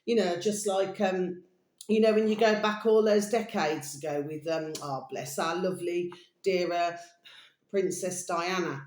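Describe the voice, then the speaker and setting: An Englishwoman runs her own channel, speaking in a rather low, slightly slow voice with a darkish tone. Her monologue is chatty and rambling, drifting off topic and circling back, and she fondly calls her listeners "my delicious babies." The recording sounds like a roomy, echoey room at home.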